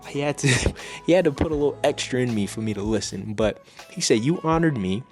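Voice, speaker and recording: A man's voice: medium pitch, animated, brisk. A man giving a personal faith testimony to camera, earnest and reflective, repeating phrases as he builds feeling, over faint music. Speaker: faith vlogger sharing a testimony.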